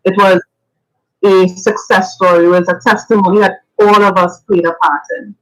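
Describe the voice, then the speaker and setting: Woman, radio guest: earnest, reflective, faith-filled, mid-pitched. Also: level tone, normal speed, poor audio. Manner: earnest, reflective, sometimes laughing; faith-filled, preacher-like phrasing. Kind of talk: spoken radio tribute.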